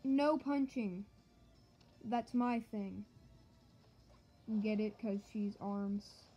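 A woman giving joking let's-play commentary to her viewers, excitable and yelping at the game. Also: mid-range voice, drawn-out words, breathy edge, muffled recording, soft background music. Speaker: gaming channel host.

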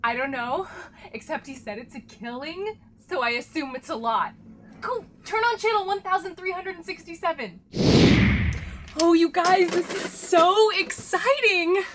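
A woman's voice: high-pitched, expressive, normal speed, noisy background. An actress playing a bubbly, eager young woman answering the office phone in a comic audio drama. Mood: chirpy. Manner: eager, chirpy.

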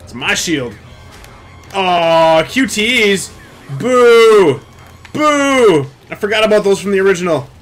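A young man giving loud, swearing live commentary while playing a video game, often shouting at it. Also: high voice, moderate pace, faint music behind. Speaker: gameplay streamer. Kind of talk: live let's-play commentary.

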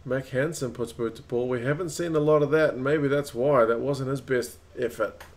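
A man with a New Zealand accent hosting a rugby watch-along, calling plays and chatting with viewers, getting quicker and higher at close calls. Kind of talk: live match commentary and chat.

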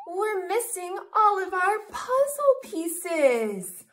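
A young woman hosts a toddler learning video in a very high, bright voice. She stretches each word out slowly and cheers the child along in an exaggerated sing-song. Faint music plays behind her. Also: big pitch swings. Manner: exaggerated, encouraging, drawn-out words. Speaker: children's educational video host.

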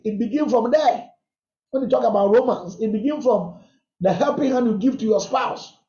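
A bishop with a very high but dark-toned voice gives a congregation emphatic, preacherly advice on marriage questions, switching freely between languages. The recording is echoey and dull, with lo-fi sound.

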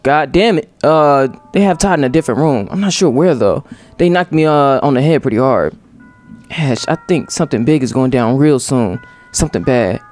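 A man voicing a weary young male prisoner in a video game, speaking in a tired, low-key warning tone. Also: animated, normal speed, a little mellow, natural voice. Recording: game music behind.

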